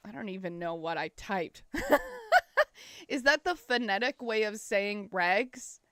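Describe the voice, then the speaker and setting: A woman's voice: medium pitch, animated, measured pace, fairly bright tone, no echo, clean studio sound. A young woman with a Canadian accent chatting casually while streaming a game, giggling often. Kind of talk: casual gameplay commentary.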